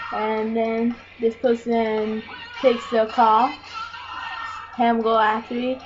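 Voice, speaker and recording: A woman's voice: fairly high pitch, little pitch movement, takes it slowly. A woman casually retelling a film plot, rambling along with "and then" and frequent ums. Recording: dull lo-fi home recording with music behind. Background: music playing clearly.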